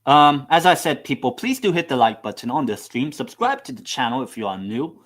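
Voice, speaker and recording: A man's voice: medium pitch, big pitch swings, fairly quick, fairly bright tone. A man hosting a live football watchalong stream, chatting casually in a rambling, profane, self-mocking way.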